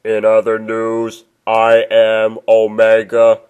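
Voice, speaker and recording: A man voicing a big red robot Santa who speaks in a halting, flat robotic way. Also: on the low side, clear, resonant tone, lo-fi sound. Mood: booming, robotic.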